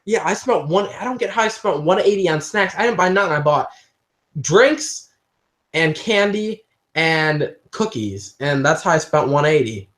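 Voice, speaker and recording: High-voiced young man, rambling chat. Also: expressive, moderate pace, fairly bright tone. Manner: rambling, self-mocking storytelling. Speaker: livestream co-host. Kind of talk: casual chat.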